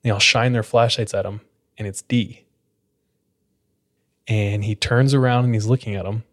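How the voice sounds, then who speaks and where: Speaking at a normal speed in a lowish voice, a male podcast host tells a spooky story in a relaxed, casual way. "Like" crops up constantly as his filler.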